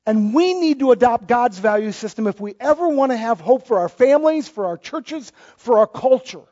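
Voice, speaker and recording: A high-pitched middle-aged man, delivering a sermon from the pulpit. He swings from loud, punchy lines to soft asides. The recording is dull and lo-fi. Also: animated, normal speed. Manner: emphatic, swings between loud exclamations and quiet asides. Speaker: pastor.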